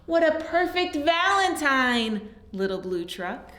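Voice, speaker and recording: High, lively woman reading to kids. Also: slow pace, echoey room, a little hiss or hum. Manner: sing-song, animated picture-book reading with soft whispered asides. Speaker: storyteller teaching baby signs. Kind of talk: read-aloud for young children.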